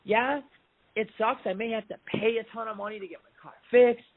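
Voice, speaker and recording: A man with a high, slightly husky voice talks openly and reflectively, dropping the odd curse. He comes through a thin, tinny phone line. The chat is loose and casual. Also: fairly even intonation, a little fast. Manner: candid, swears casually, reflective.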